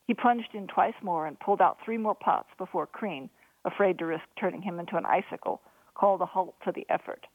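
A woman author reading her own novel aloud in a steady storytelling manner. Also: lowish voice, brisk, no echo. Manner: steady storytelling, lively voices for dialogue. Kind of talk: audiobook narration. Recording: dry, phone-like narrow sound.

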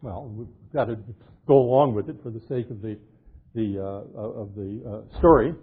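An older man, a literature professor, giving an animated lecture and cheerfully acting out the characters of a medieval tale, reading old verse aloud. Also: on the low side, moderate pace, husky. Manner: jovial, acts out quoted characters, reads old verse aloud. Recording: tinny phone-like lecture recording.

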